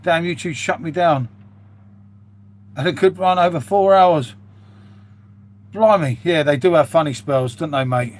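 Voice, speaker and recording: A man's voice: a little high, measured pace, pauses often. A British man chatting casually to his live-stream viewers, rambling and calling them "mate". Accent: British English. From United Kingdom. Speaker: live streamer reading chat.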